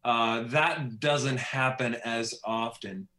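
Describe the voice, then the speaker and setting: A man's voice: medium pitch, takes it slowly, pushed and bright. A man from Canada, an author talking as a podcast guest in an easygoing way with light laughs. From Steinbach, Manitoba, Canada. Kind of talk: casual podcast interview. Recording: echoey room.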